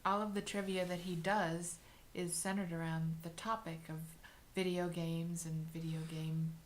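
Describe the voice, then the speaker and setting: A woman explaining something in a relaxed, casual podcast chat. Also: on the low side, unhurried, slight background noise.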